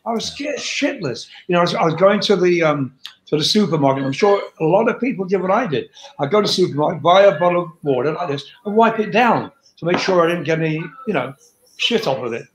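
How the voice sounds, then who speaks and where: A man's voice: sits high, expressive, quick pace. Blunt older man, roomy echo. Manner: blunt and frank, swears freely. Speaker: guest, rock singer. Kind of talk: candid interview chat.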